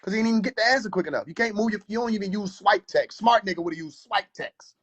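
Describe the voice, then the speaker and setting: Man, high-pitched voice, livestream host, casual mocking rant, boisterous. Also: fast, a bit bright, husky, highs cut off. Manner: boisterous and mocking, laughs often.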